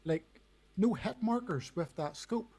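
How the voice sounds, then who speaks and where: An earnest man talks through his views as a guest on a gaming podcast, his voice sitting a little high for a man. He leans on "you know" as he makes his points. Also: lively intonation, measured pace, dark tone, breathy edge, rough recording. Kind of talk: casual gaming chat.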